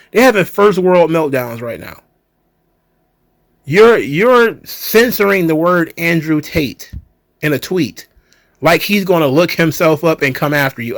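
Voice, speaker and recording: A man's voice: fairly high pitch, no echo. A man hosting a wrestling commentary show, ranting in a heated, sarcastic way with swearing. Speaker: wrestling commentary channel host.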